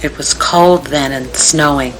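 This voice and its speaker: A woman's voice: sits low, steady tone, unhurried, slight background noise, poor audio. A middle-aged woman performer speaking in a musical theater piece, with a wistful, lilting delivery. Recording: music playing behind.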